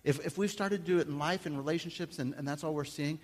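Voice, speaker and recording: A male pastor preaching a sermon in a conversational, animated way, acting out little everyday scenes. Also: a little high, fast talker. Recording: long hall reverb.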